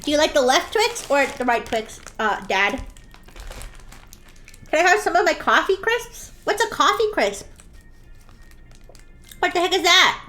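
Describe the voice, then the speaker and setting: A woman's voice: high voice, big pitch swings, measured pace, pauses often, bright, forceful tone, faint music behind. A woman streaming while she draws, chatting playfully with her viewers, giggling often and sometimes acting out a bratty daughter for laughs. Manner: acts out a bratty daughter in jest. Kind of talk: casual live-stream chat while drawing.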